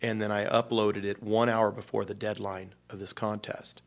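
A man delivers a storytelling sermon with animated, self-mocking energy, acting out dialogue in big swings and sinking to hushed near-whispers when he prays. His voice is fairly low and his speed is normal.

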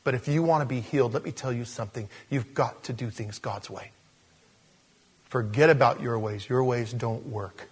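A man preaching a sermon in an animated storytelling style, acting out the scenes he tells. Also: medium pitch, normal speed, husky, in a large hall.

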